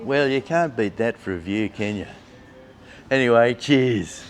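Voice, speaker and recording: Narrating a relaxed travel vlog as he walks the coast, the Australian man talks a little slowly in a medium pitch, chatty and wry with friendly asides. Traffic and outdoor ambience come through in the noisy street recording.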